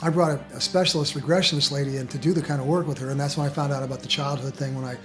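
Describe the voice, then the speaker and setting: A man interviewed for a documentary, excitedly recounting something he saw. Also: medium pitch, music in the background. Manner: excited, fast storytelling.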